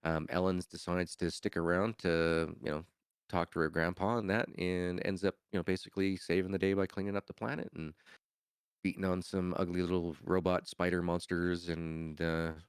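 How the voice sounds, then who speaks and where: A man's voice: deep voice, little pitch movement, moderate pace, smooth, no echo, studio quality. A man chatting casually as a podcast guest, rambling and laughing often. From Canada. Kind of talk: casual chat.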